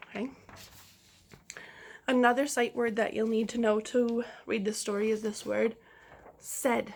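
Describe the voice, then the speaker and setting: A woman teacher giving a slow, clear phonics lesson to young children, sounding out each letter and inviting them to repeat. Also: a little high, steady tone.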